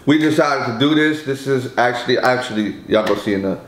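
A man's voice: mid-range voice, brisk, fairly bright tone, reverberant, a little hiss or hum, poor audio. A man co-hosting a casual eating vlog, talking in a laid-back, rambling way and teasing his partner. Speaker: vlogger co-host. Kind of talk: casual mukbang vlog chat.

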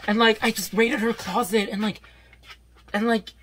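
A woman playing a rambling, defensive parody of a female YouTuber in a comedy sketch, swinging into yelling. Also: on the high side, fairly even intonation, moderate pace, slight background noise, natural voice.

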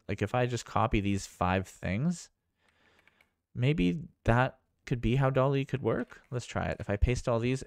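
A man's voice: medium pitch, darkish tone, no echo, studio quality. A man vlogging a casual screen demo, rambling and thinking aloud with amazement. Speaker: tech vlogger.

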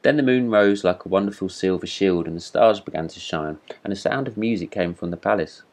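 A man reading a classic fairy tale aloud as a storyteller, in steady read-aloud narration. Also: deep voice, fairly quick.

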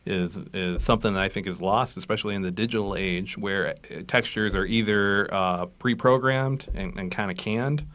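A man's voice: lowish voice, normal speed, few pauses, fairly bright tone. A man, a guest cartoonist, explaining his craft earnestly in a casual chat.

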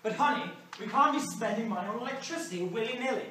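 A snide, stingy rich husband bickering with his wife, played by a teenage girl. The voice is fairly high, blustering, and stammering. It is heard from across an echoey room. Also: animated, fast talker, pushed and bright, slight background noise. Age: teens. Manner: blustering, evasive, stammering excuses. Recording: echoey room, far from mic.

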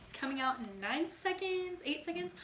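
A woman hosting a music reaction vlog, talking in an excitable, gushing way. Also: extremely high pitch, moderate pace, a little hiss or hum. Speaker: vlogger. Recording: echoey room.

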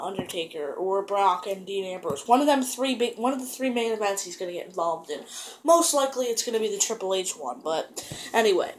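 A woman casually recapping a wrestling show, rambling with lots of fillers and restarts and getting excited as she goes. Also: mid-range voice, a little hiss or hum.

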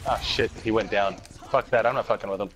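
A young man in casual gaming chat, brash and swearing, quick with banter. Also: on the low side.

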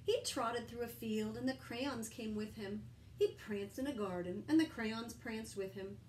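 A woman teacher reading a picture book aloud to young children, gently pausing to ask them questions. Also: a little high, a little hiss or hum, rough recording. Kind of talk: storybook read-aloud for children.

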